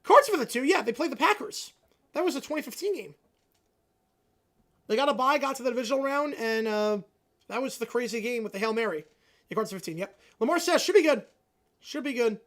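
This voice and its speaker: Excitable man ranting on a live stream. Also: a little fast, pauses often. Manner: excitable, answers chat questions, swings from loud rants to low mumbles. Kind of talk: casual live reaction chat.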